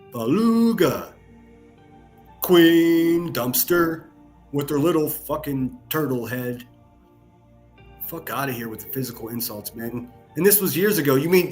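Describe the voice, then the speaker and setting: Man, reaction commentary host, mocking, sarcastic, foul-mouthed, mid-range pitch. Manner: profane, mocking, sarcastic ranting.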